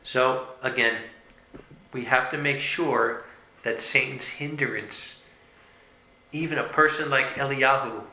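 A man preaching a sermon, reading scripture aloud and then commenting on it, swinging from loud emphasis to hushed lines. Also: medium pitch, fairly even intonation, slow, pauses often, roomy sound, low-quality recording.

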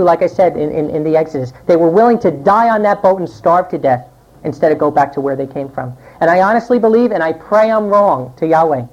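A woman preacher delivering a sermon and reading scripture aloud, acting out quoted voices with big swings in pitch. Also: a little mellow. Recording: dull lo-fi recording.

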